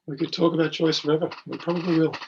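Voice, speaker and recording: A man's voice: on the high side, fairly even intonation, very fast, vocal fry, slight background noise. A man co-hosting a casual conversation, laughing often and chiming in with short agreements. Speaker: co-host. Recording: slightly dull, lo-fi audio.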